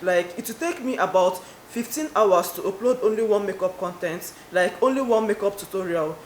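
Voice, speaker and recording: Brief: young woman vlogger, middle pitch, casual and wry, recorded in an echoey room. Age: young adult. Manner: rambling, wry, trailing off with filler "like". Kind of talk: casual talk to camera. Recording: echoey room with faint noise.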